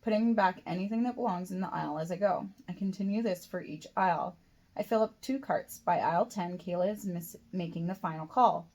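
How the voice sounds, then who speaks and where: A woman's voice: lowish voice, brisk, a little mellow. Woman reading her own novel aloud. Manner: plain reading with occasional slips and restarts. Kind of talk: first-person audiobook narration.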